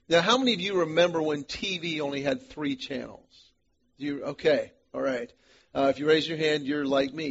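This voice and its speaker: Gravelly middle-aged man leading a men's group. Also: fairly high pitch, lo-fi sound. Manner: animated storyteller who acts out quoted voices. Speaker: men's group study leader. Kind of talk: storytelling talk to a live group. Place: meeting room before a live audience.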